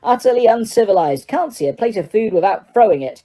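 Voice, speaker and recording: A woman's voice: a little high, lively intonation, brisk, mellow, pitched above the performer's own voice. A woman voicing a fussy, genteel male ghost who is chatty and a little pompous, in an audiobook reading. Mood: prim. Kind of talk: audiobook character voice.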